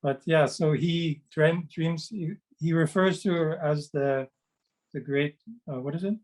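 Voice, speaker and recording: A man's voice: on the high side, fairly even intonation, a little slow, a little mellow, low-quality recording. A middle-aged man on a video call, chatting casually to children and telling rambling anecdotes with lots of fillers and restarts. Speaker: children's book author and meditation host. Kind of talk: casual storytelling chat.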